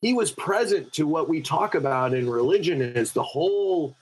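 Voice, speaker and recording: A man who is a podcast guest, telling stories in an animated, spiritual way with many fillers, in casual conversation. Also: fairly high pitch, moderate pace, husky, poor audio.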